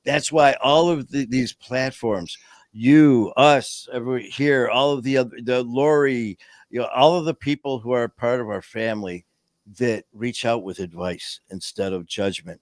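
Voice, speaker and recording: A man's voice: medium pitch, a little slow, no room sound. A man hosting a streamed recovery talk show, telling his story in an earnest, candid way over a remote call. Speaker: podcast host. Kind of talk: casual chat.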